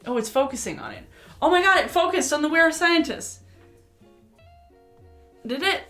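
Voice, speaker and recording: Young woman, chatty vlogger, rambling and prone to excited bursts, camera mic at home with faint music behind. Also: high voice, normal speed. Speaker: beauty vlogger. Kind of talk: casual get-ready-with-me chat. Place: her room at home.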